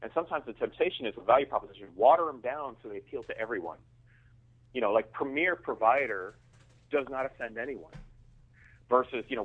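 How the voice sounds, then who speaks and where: A man's voice: medium pitch, a little fast, breathy edge. A man speaking as an interview guest. He talks emphatically and often repeats words as he starts a sentence. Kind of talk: conversational business interview. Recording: tinny phone line.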